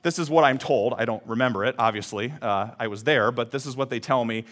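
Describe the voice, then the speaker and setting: A man in his thirties, a pastor giving a lively sermon with a personal story and calls for responses from the congregation. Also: mid-range voice, quick pace. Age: 30s.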